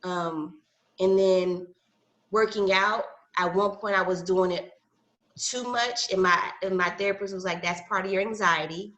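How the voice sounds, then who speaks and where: A woman's voice: mid-range voice, steady tone, measured pace, fairly bright tone, dull audio. Chatty woman in a roomy echo. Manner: rambling, lots of fillers. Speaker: mom and educator in panel talk. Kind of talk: casual group conversation.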